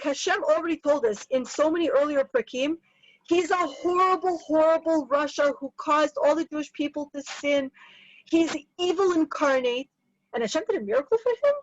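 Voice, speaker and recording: A woman with a bright, high voice gives a casual Bible lesson, chatty and animated, dropping in Hebrew terms as she goes. The sound is dull and lo-fi, and the room is dead dry. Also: no echo. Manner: lively, chatty, quick asides with Hebrew terms. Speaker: Bible teacher.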